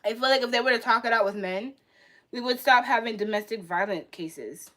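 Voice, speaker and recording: Brief: woman livestreamer, fairly high voice, blunt and cussing, goes from loud to muttering. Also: a little fast. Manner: blunt, profane, animated, swings from loud to muttering. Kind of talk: casual rant to viewers.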